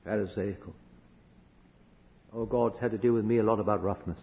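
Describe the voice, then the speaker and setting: A man's voice: on the low side, fairly even intonation, moderate pace. A man from a hot country preaching a sermon, telling a personal story earnestly and vividly. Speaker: visiting preacher. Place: church hall. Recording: echoey hall, dull lo-fi sound.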